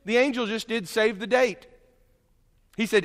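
A man preaches from the pulpit, mixing homey jokes with loud, emphatic readings of scripture. His voice sits a little high, and a long reverb hangs around it in a large church sanctuary. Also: sing-song, moderate pace. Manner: folksy, joking asides, rises to loud emphatic scripture reading. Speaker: pastor. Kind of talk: sermon.

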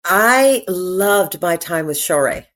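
A middle-aged woman talking as an interview guest in casual chat, animated and rambling, restarting her sentences often and filling pauses. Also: lowish voice. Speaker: actress and podcast guest.

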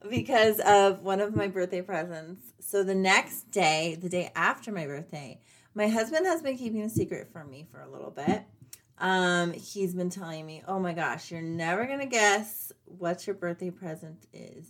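A woman in her forties talks to her followers in a loose, chatty vlog. She speaks at a middle pitch and fills her sentences with "um" and "you know". The tone is relaxed and personal. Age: 40s. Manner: chatty, many fillers and laughs, addresses viewers. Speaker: vlogger. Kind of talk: casual personal update.

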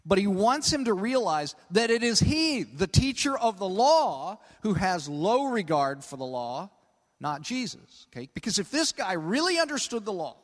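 A man's voice: high-pitched, sing-song, moderate pace. A middle-aged man preaching a conversational sermon, often checking in with "okay?" and stretching key words for emphasis. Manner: conversational, peppered with 'okay?'. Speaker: pastor. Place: large church hall. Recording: long hall reverb.

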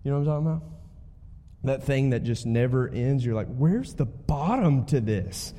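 Pastor preaching in an echoing hall. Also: male voice, mid-range voice, animated, moderate pace, mellow. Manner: conversational preaching with call-and-response prompts. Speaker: guest pastor. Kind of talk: sermon. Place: church sanctuary. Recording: long church hall reverb.

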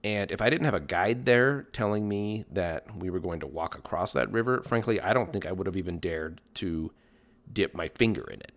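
Man, middle-aged, podcast host, scripted storytelling, dry wry humor, lowish voice. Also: expressive, normal speed.

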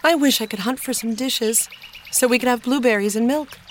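A woman voicing a brisk, motherly older girl in a storybook reading, speaking briskly and soothingly. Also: a little high, a little hiss or hum, pitched above the performer's own voice, close to an everyday voice. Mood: cheerful.

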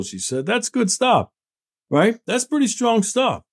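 The middle-aged man hosting this opinion show talks unhurriedly in an extremely high voice whose pitch swoops wildly. He reads news stories and reacts to them in a blunt, indignant, sarcastic manner.

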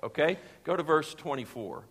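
Man, pastor preaching, emphatic, repeats himself, higher-pitched voice, long hall echo. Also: animated, moderate pace, fairly bright tone, husky. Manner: emphatic preaching, repeats key phrases, asks the congregation questions. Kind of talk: sermon.

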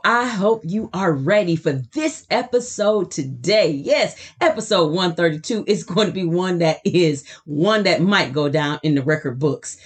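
A woman's voice: on the low side, lively intonation, unhurried, hardly any pauses, breathy edge. A woman hosting a motivational podcast as a success coach, enthusiastic and emphatic, often repeating words for effect.

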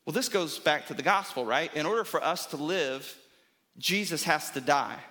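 A male pastor delivers a sermon in a high, bright voice. He preaches emphatically, building rhythm through repeated phrases and checking in with the congregation as he goes. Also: moderate pace.

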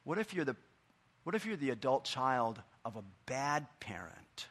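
A man's voice: medium pitch, sing-song, normal speed. Earnest middle-aged male pastor preaching. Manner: earnest, conversational, drops to quiet asides. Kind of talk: sermon.

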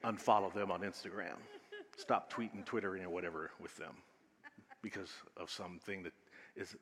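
A man preaching as a minister tells stories and leads a short exercise for his listeners, his delivery swinging from loud and laughing to quiet and nearly whispered. His low voice keeps fairly even intonation at a normal pace, trailed by long reverb.

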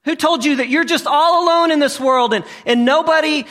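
A man preaching a sermon as a pastor. He asks emphatic, repeated rhetorical questions and swings from loud to hushed. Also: very high voice, brisk.

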